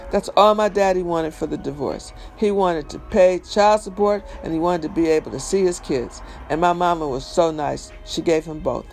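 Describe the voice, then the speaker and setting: A man's voice: fairly high pitch, normal speed, creaky, hardly any pauses, faint music behind. A man reading a memoir aloud in an emphatic, conversational storytelling manner. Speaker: reader.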